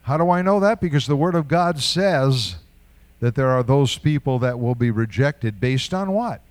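This older pastor's sermon feels like a conversation: he throws out rhetorical questions and chuckles from time to time. His mid-range voice is animated, at a normal speed, with no echo.

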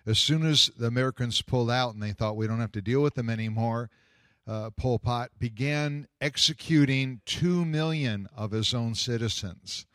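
A man's voice: mid-range voice, moderate pace, fairly bright tone, no room sound, studio quality. A man preaching a sermon, telling a story and asking the congregation questions. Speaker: pastor.

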